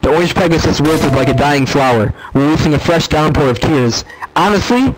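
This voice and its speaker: A man's voice: on the high side, brisk, slight background noise, rough recording. A man reading a fan story aloud, stumbling and correcting himself as he goes. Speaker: reader.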